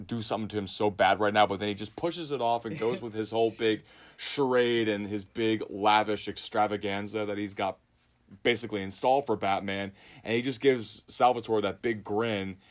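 A man co-hosting a film podcast, talking enthusiastically about scenes with lots of "like". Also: lowish voice. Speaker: podcast co-host. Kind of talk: casual film discussion.

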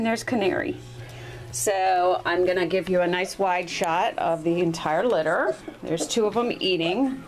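A woman breeder talking casually while filming her puppies one-handed indoors, now and then cooing at them in a high baby-talk voice. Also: a little slow, over music, low-quality recording. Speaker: dog breeder. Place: indoors at a puppy litter area. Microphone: handheld camera, filming one-handed.

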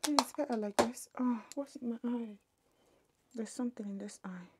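A woman's voice: a little high, normal speed, breathy edge. A woman, chatting casually and muttering to herself as she does her makeup in a get-ready-with-me beauty vlog at home. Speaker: beauty vlogger.

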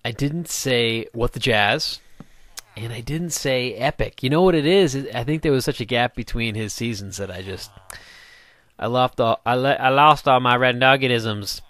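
A man's voice: mid-range voice, normal speed, a bit bright, no echo. Chatty man narrating a game. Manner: chatty, rambling, jokey, talks to game characters. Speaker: gaming video host. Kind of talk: casual let's-play commentary.

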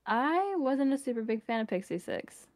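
A woman hosting a casual chat, ranking candy, animated and quick to laugh. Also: a little high, no echo.

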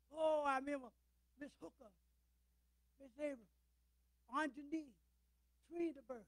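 An older man preaching a sermon, firing rhetorical questions at the congregation and swinging between loud declarations and quiet asides. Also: extremely high pitch, fairly even intonation, moderate pace, pauses often, no room sound, low-quality recording.

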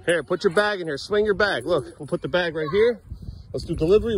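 A man's voice: high voice, fairly quick, a little hiss or hum. A father filming a vlog at a playground, sternly scolding his kids and muttering exasperated asides to the camera on a handheld phone. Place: outdoor playground.

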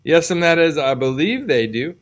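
A man's voice: fairly high pitch, expressive, normal speed, close to an everyday voice. A man doing a cheeky, sly young boy. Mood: sly excuses. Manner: sly, pleading excuses in country dialect. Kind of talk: storybook reading.

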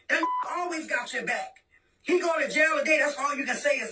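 A woman's voice: sits high, animated, a little fast, sharp tone, recorded from a distance, rough recording. A woman in a heated, profane rant scolding her sister, repeating herself and swearing. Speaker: sister ranting online. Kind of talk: angry recorded rant.

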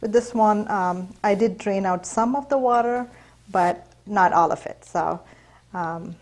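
A woman's voice: mid-range voice, unhurried, rough recording. A woman hosting a cooking show, talking casually through a recipe with plenty of fillers. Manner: relaxed, chatty, many fillers. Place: kitchen.

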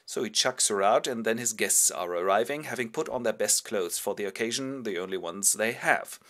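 A man's voice: lowish voice, moderate pace, fairly bright tone. A man retelling a stage play with wry, chatty, ironic narration. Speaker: host. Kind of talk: wry theatrical storytelling summary.

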